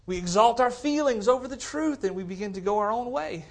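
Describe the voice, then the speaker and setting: A pastor preaching a conversational sermon on a cordless mic in a church, repeating phrases for emphasis and often checking in with the congregation. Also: male voice, very high voice, animated, fairly quick, few pauses. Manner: conversational preaching, checks in with "okay? all right?". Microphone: cordless handheld mic.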